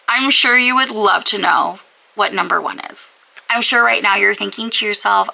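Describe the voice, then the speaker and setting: A woman's voice: medium pitch, moderate pace, vocal fry, pushed and bright, poor audio. A woman chatting casually to camera as a book vlogger, gushing and filling her talk with "like", sometimes dropping to a whisper for emphasis. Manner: gushing, filler-heavy with frequent "like".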